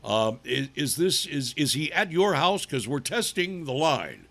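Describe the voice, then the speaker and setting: A man's voice: on the high side, sing-song, a little slow, a bit bright, voice pushed down, exaggerated voice. A man putting on a sneaky male school principal who talks in a hesitant, phony-polite way. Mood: fake-polite.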